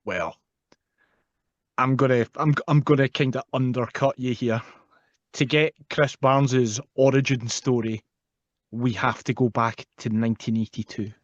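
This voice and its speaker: A man's voice: medium pitch, fairly even intonation, a little slow, dry recording. Dry-humored man on a call. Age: 40s. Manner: dry, playful storyteller. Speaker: guest narrator. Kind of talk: casual video call chat. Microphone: video call. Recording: dull lo-fi video call audio.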